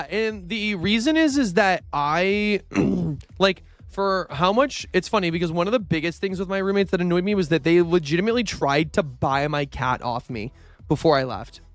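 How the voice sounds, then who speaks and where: A young man with a high, light voice talks through a game stream in a loose, rambling way. He swears freely and trails off into fillers, and the sound is dry and close with soft music underneath. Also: dry recording. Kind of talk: casual gaming livestream chat.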